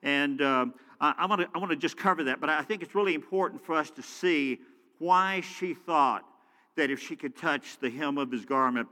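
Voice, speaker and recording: A pastor giving a conversational sermon, reading scripture and acting out the people in it. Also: male voice, on the high side, normal speed, bright, forceful tone, big-room sound. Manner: conversational, acts out quoted voices.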